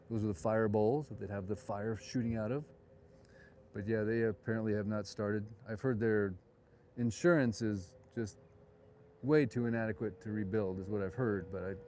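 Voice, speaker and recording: A middle-aged man leads a live walking tour on a town street at night, recorded outdoors on a phone, chatting and wandering into rambling asides. His voice is on the low side, gravelly and darkish, at a moderate pace, with a little hiss or hum.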